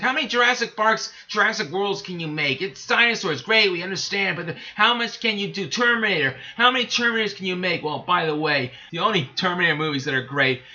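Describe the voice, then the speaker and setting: A man hosting his own channel, delivering an angry solo rant to camera that swings up into shouting. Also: high-pitched, dull audio. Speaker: YouTube host.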